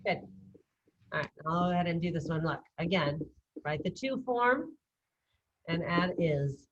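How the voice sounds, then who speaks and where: Upbeat teacher woman, muffled call audio. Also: fairly low pitch. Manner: brisk, upbeat, coaching. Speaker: Spanish teacher. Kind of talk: online class instruction. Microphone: video call.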